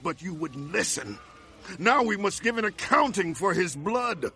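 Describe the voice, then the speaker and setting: An actor playing an earnest, reproachful eldest brother in an audio drama, speaking in a pleading way. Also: male voice, high voice, animated, a little slow, bright, forceful tone, exaggerated voice.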